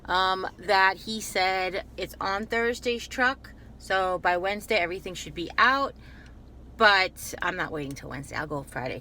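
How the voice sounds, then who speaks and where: A woman vlogger chatting through a store haul in a loose, digressive way, cutting herself off and circling back. Her voice is bright and sits at an ordinary pitch. A faint background noise runs under the recording. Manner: chatty, digressive, self-interrupting. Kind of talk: casual rambling haul video.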